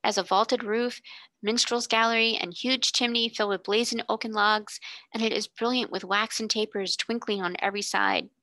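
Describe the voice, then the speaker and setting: A woman's voice: on the high side, steady tone, moderate pace, pushed and bright, no room sound. A woman voicing an imaginative young girl who speaks graciously, in a dreamy pretend-princess voice.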